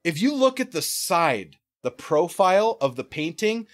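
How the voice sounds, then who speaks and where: A man with a high voice that swoops all over the place tells a story as a podcast guest. His delivery is animated and profane, and he keeps acting out other people's voices and his own past remarks. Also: a little slow. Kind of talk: casual storytelling.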